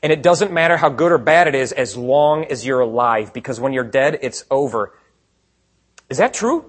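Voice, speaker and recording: A man preaching a sermon to a room of listeners, paraphrasing scripture with animated sarcasm and swinging between quiet and loud. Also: mid-range voice, moderate pace. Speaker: pastor. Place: room with congregation.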